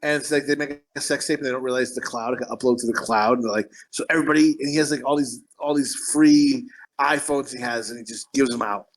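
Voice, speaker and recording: A man's voice: medium pitch, steady tone, fast, low-quality recording. A man co-hosting a podcast, chatting casually about his kids, rambling and swearing, laughing often. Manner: rambling, profane, laughs a lot, acts out voices in anecdotes. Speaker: podcast co-host. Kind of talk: casual chat.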